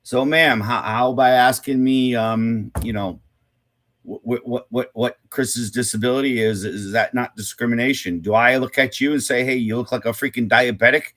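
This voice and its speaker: A man's voice: mid-range voice, fairly even intonation, normal speed, a bit bright. A man hosting an unscripted advocacy talk, blunt and informal, rambling with many fillers, repeated words and restarts. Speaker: activist host.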